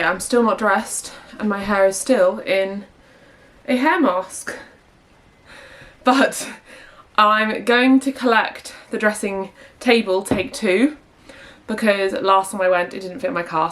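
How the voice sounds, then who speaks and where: A woman's voice: medium pitch, a little slow, a bit bright. A young woman chatting casually to camera at home, rambling with fillers. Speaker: vlogger. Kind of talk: casual vlog chat. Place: home indoors.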